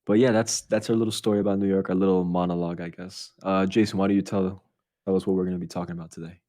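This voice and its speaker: A man's voice: deep voice, racing. Young man telling a story, lots of swearing. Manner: animated, swears a lot, laughs while telling. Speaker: podcast host. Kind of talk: casual storytelling chat.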